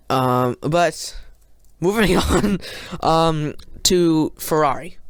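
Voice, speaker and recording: A podcast host giving a casual solo race review, talking in an excitable, rambling way that often breaks into rants, with many fillers and restarts. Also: mid-range voice, no echo.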